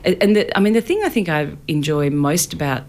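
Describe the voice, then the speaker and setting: A woman's voice: sits low, animated, a little fast, darkish tone. A woman, an author and archaeologist, chatting animatedly in a radio studio interview and laughing often.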